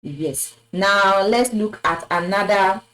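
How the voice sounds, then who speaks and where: A woman's voice: medium pitch, slow, fairly bright tone, poor audio. A woman teaching a French lesson at a board, patiently repeating words and praising with "très bien". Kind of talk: slow classroom lesson at a board. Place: classroom with a board.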